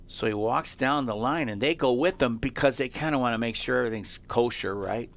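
A male talk show host excitedly telling feel-good stories in a chatty way, with frequent restarts. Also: medium pitch, a little fast, vocal fry, hardly any pauses, slight background noise. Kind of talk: animated storytelling on a talk show.

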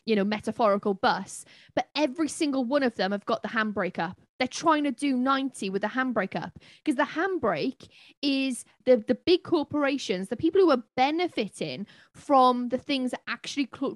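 A woman co-hosting a podcast, her voice sitting a little high as she talks in a chatty, impassioned, rambling way. The sound is close and dry, with no room around it. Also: no room sound. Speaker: podcast co-host. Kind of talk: casual podcast chat.

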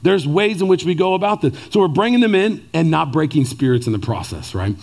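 A man in his thirties preaching a sermon to fathers, animated and conversational, often checking in with "right?". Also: fairly high pitch, fairly quick, gravelly. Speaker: pastor.

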